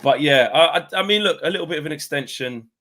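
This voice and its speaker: A young man co-hosting a casual football chat, relaxed and slangy. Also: on the high side, quick pace. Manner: laid-back, slangy and conversational. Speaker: co-host.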